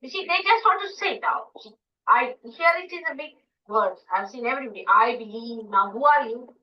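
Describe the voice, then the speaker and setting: Woman teacher lecturing a small group, high-ish voice, lots of rhetorical questions, distant muffled old tape. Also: a little fast. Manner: emphatic, full of rhetorical questions and repetitions. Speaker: spiritual teacher. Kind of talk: informal talk to a small group. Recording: dull archival recording from far off.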